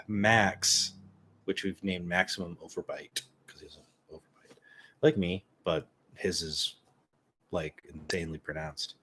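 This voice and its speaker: Deep-voiced guy, late thirties, just rambling through a story, lots of ums. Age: 30s. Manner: rambling, full of fillers and restarts, swears casually. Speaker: vlogger. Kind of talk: casual storytelling.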